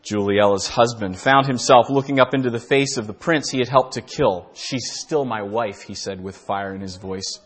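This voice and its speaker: A man's voice: normal speed, few pauses. Man reading a parable in a sermon. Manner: reads with quiet, low-key storytelling, clearing his throat now and then. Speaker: Bible teacher. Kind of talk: sermon with a read-aloud story.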